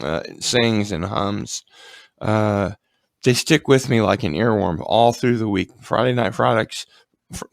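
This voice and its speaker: A man's voice: fairly low pitch, creaky, no room sound. A man hosting a casual livestream chat, rambling with ums and restarts. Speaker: livestream host.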